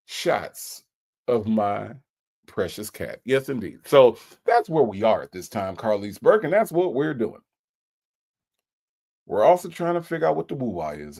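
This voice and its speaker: A man hosts a casual live stream, reading viewers' comments aloud. His voice has a gravelly, fry-tinged edge, and his pitch swings widely as he repeats himself in disbelief. His talk is loose and full of stammered restarts. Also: a little mellow. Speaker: live stream host reacting to a phone call.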